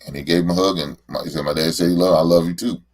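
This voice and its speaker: Man, deep voice, middle-aged, casual rambling monologue, repeats words. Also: fairly even intonation, very fast, a little mellow. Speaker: podcast host, father.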